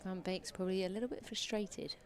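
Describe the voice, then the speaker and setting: A woman co-commentating on live cricket, giving relaxed, conversational analysis. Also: medium pitch, fairly quick, a little hiss or hum.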